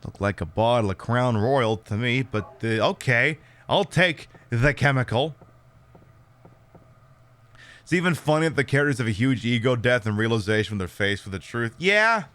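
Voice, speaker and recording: A man's voice: medium pitch, expressive, normal speed, fairly bright tone. A man streaming a horror game, giving casual let's-play commentary with sarcastic jokes, rambling asides and casual swearing.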